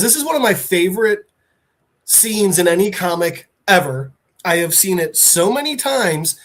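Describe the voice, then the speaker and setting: Animated man retelling a comic. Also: sits high. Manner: animated, rambling with fillers. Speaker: podcast host.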